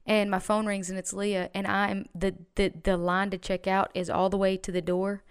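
A woman's voice: medium pitch, little pitch movement, moderate pace, clear, resonant tone. A woman chatting as a podcast guest, telling a personal story in a rambling, emphatic way with many restarts. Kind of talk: casual podcast chat.

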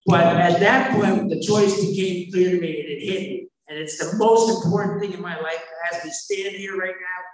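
Middle aged guy sharing his recovery story, blunt and rambly, high voice, big echo from across the hall. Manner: blunt, rambling and emotional, with frequent restarts. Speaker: speaker sharing at a recovery meeting. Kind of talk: personal recovery testimony. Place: meeting hall. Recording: very echoey hall, from far off.

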